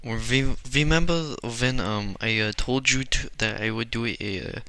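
Slow-talking young man commenting on a game. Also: mid-range voice, bright, forceful tone, no echo. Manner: halting, many fillers, frustrated exclamations. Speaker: gameplay commentator. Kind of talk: casual gameplay commentary.

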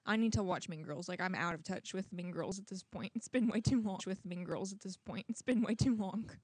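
A young woman host chatting loosely and second-guessing herself out loud. Her voice sits at a middle pitch and is recorded close with a dry sound. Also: fairly quick, breathy edge, dry recording. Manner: chatty, rambling, self-questioning. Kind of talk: casual chat.

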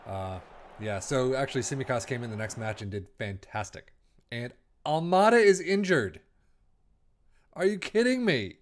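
A young man giving casual, excitable commentary over a football management game, muttering asides and then yelping at near misses. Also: medium pitch, noisy background. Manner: excitable, swings from mumbling asides to sudden yelps. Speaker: gaming video creator.

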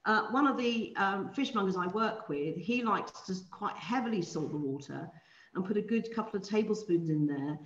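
A woman's voice: medium pitch, lively intonation, normal speed. Female cooking presenter, chatty and explanatory, echoey room, dull call audio. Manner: chatty, explanatory, with many ums and self-corrections. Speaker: seafood masterclass presenter. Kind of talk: live online cooking demonstration. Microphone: video call.

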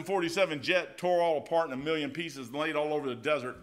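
A middle-aged man, preaching a sermon in a folksy, animated way, swinging between loud swells and quiet drops. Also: a little high, fast talker, hardly any pauses. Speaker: pastor.

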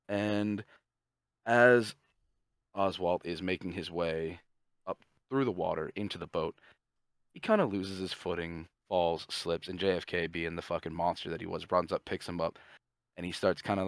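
A man co-hosting a podcast, casually pitching a movie plot in a rambling, profane way and briefly voicing the characters. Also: no room sound. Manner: profane, rambling, acts out characters' lines in quick asides. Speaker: podcast co-host.

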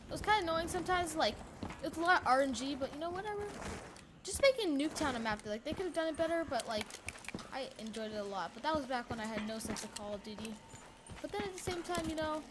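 A high-voiced woman rambling through casual let's-play commentary, excitable and full of "you know"s. The home recording has loud background noise running under her voice. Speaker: gaming YouTuber.

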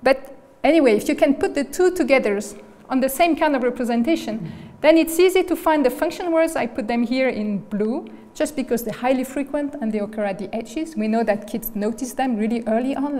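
A woman gives a lecture in a large hall, and long reverb trails behind each phrase. Her voice sits a little high. She builds the argument step by step and keeps checking with the room. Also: darkish tone. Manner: explains step by step, often checks in with "okay?" and "right?". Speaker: guest lecturer. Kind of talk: academic lecture.

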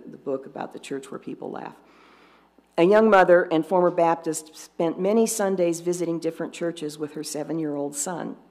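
A woman's voice: lowish voice, a little mellow. A woman lay presenter giving a sermon full of jokes, telling them dryly and unhurriedly with small restarts. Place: congregation fellowship service.

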